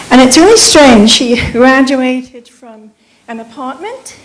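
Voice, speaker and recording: An older woman in her seventies gives an earnest, rambling personal account from the floor of a community meeting. Her voice sits high. She is picked up from some distance in the hall, so the sound sits back in the room. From Bermuda. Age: 70s. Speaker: audience member speaking at a meeting. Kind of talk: emotional personal testimony.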